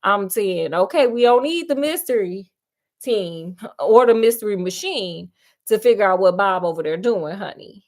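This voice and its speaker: A woman's voice: medium pitch, lively intonation, moderate pace, darkish tone. A woman retelling a story in a sassy, chatty way, calling her listeners honey and child, with frequent laughs. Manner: laughs often.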